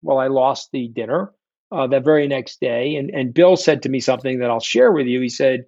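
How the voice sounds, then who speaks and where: A middle-aged man tells his side of the story in a blunt, combative, often profane way. His voice sits at an ordinary pitch. It comes through a dull, lo-fi remote connection in a dry, close space. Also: brisk, darkish tone, dry recording. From New York. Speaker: guest. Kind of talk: candid interview storytelling. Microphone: remote call.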